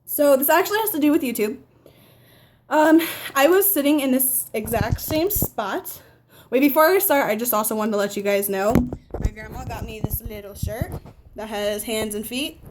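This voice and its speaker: A nineteen-year-old woman telling a casual story at home, chatty and animated, quoting the people in her story. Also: fairly high pitch, slight background noise. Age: teens. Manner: chatty, animated retelling with quoted dialogue. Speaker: vlogger. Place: home living room by a window.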